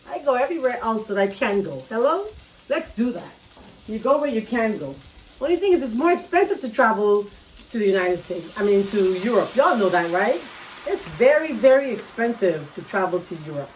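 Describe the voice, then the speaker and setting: A middle-aged Bahamian woman chatting warmly to viewers while she cooks in her home kitchen, her voice fairly high. She talks on lively and loose, picked up by a phone camera a little way off. A faint hiss sits under the recording. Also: recorded from a distance. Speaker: cooking show host. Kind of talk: casual cooking chat.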